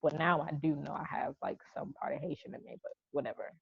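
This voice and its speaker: A woman's voice: low voice, wildly swooping pitch, quick pace, creaky, slightly rough, no room sound. A young woman from Charleston, South Carolina, co-hosting a casual podcast chat and telling stories frankly, often quoting people. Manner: frank storytelling, quotes others in voices. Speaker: podcast co-host. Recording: dull, lo-fi podcast audio.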